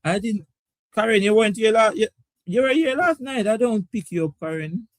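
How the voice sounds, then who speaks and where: Animated high-pitched man hosting. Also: moderate pace, no echo. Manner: animated and laughing, reading out viewer comments. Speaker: sports talk show host. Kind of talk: casual live-stream chat with viewers.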